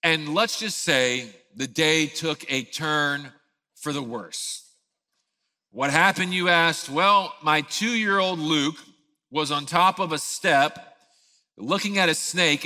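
A man in his thirties, a pastor giving a sermon, telling a family story in an animated way and acting out the scenes. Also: fairly high pitch, in a large hall.

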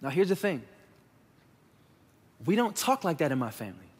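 Fairly high-pitched, husky, and very animated, a pastor in his thirties preaches at a moderate pace. He speaks candidly to his congregation as "y'all" over a stage mic, his words trailing in the long reverb of a large church hall.

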